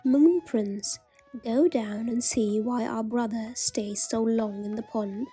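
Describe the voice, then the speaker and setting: A woman voicing a wise, brave young prince in a storybook reading, speaking calmly and earnestly. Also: on the high side, slow pace, breathy edge, faint music behind, exaggerated voice.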